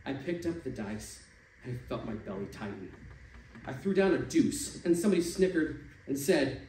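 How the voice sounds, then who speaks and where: A man reading stories aloud at a live stage event, expressive and shifting voices for the figures. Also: mid-range voice, moderate pace. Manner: expressive, changes voice for quoted figures. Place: stage venue. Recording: echoey room from a distance, faint noise.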